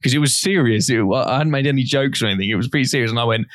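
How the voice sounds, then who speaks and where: A man's voice: mid-range voice, very fast, a bit bright, no echo. A young man co-hosting a podcast, telling a long story in a rambling, casual way with plenty of swearing. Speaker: podcast co-host. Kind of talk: casual chat.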